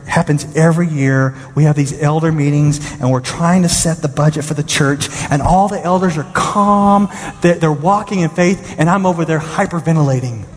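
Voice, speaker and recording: A man in his thirties, a pastor preaching a sermon in a church, animated and acting out his own panic in high exclaims. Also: moderate pace. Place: church sanctuary. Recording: reverberant hall with faint ambience.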